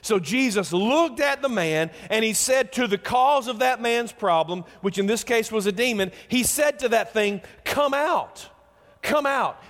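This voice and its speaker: A man's voice: sits high, moderate pace, hardly any pauses, a bit bright, long reverb tail. A man preaching a sermon in an earnest way, often repeating words as he builds emphasis. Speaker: pastor.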